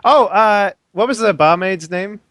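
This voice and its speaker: A young man playing a tabletop game, goofy and excitable. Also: high-pitched, a little slow, dry recording, studio quality. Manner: goofy, excitable, laughing often. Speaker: player.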